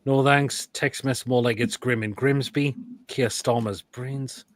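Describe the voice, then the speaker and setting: A man at a middle pitch, running a live football stream and judging food pictures. He talks in crude, blunt one-liners and breaks into loud outbursts now and then. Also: fairly even intonation, unhurried, dry recording. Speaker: host of a live football show. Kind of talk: live-stream chat reacting to food pictures and reading comments.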